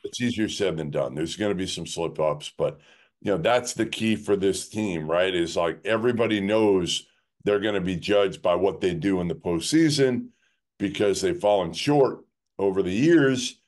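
A man's voice: deep voice, moderate pace, darkish tone. A man co-hosting a sports podcast, talking casually in a rambling way full of "like" and restarts. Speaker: podcast co-host.

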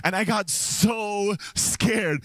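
An American man, a pastor, preaching a sermon into a stage microphone in a church, telling a personal story with lively acted-out quotes and frequent laughter. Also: high-pitched, very slow, no echo. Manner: animated storytelling, acts out quotes, laughs often.

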